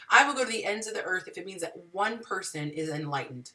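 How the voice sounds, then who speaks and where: A woman's voice: fairly low pitch, lively intonation, brisk, hardly any pauses, sharp tone, far from the mic. A woman hosting a live dating advice talk, speaking to viewers in an emotional, preachy, spiritual way.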